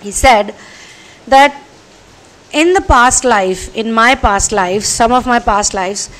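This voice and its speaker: A woman's voice: fairly high pitch, slow. A woman, telling a spiritual story in a conversational way at home. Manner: warm, conversational, chatty storytelling. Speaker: spiritual counselor and channel host.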